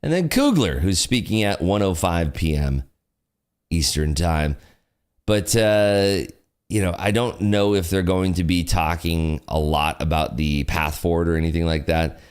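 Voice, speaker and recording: A man's voice: low voice, unhurried, clean tone. A man hosting a trading livestream, talking in a rambling, laid-back way with lots of fillers. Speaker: futures trading livestream host. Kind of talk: casual livestream commentary.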